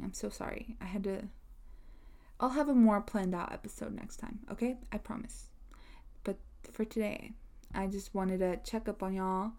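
A woman's voice: medium pitch, warm tone. A young woman hosting a casual solo podcast, chatty and rambling with lots of fillers. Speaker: podcast host.

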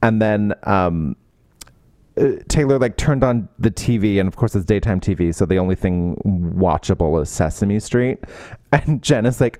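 Animated man chatting about a book. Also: lowish voice, moderate pace, dry recording, studio quality. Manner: animated, acts out character quotes in lifted voices. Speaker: book podcast co-host. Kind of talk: casual book review chat.

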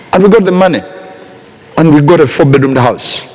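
A man preaching a sermon, emphatic, swinging from soft asides to shouted lines. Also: on the high side, very animated, normal speed, slight background noise. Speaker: pastor. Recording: reverberant hall.

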